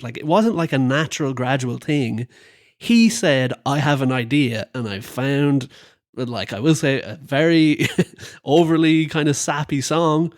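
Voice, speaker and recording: A man's voice: medium pitch, unhurried, dry recording, studio quality. A man co-hosting a podcast, chatting about football casually, laughing often and swearing in passing. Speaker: podcast co-host.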